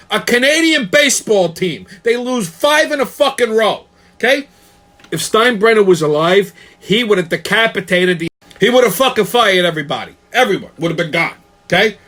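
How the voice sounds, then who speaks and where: A man's voice: high-pitched, sharp tone. A man hosting his own show, ranting angrily about sports with constant swearing and a habit of tagging his lines with "okay?". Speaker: show host. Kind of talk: profane sports rant.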